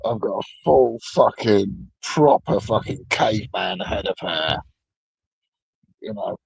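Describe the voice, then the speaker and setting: A man's voice: on the low side, expressive, slow, gravelly, husky, dry recording, lo-fi sound. A middle-aged man, ranting alone to camera in a blunt, sweary, sardonic way. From Britain. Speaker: vlogger. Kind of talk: profane solo rant.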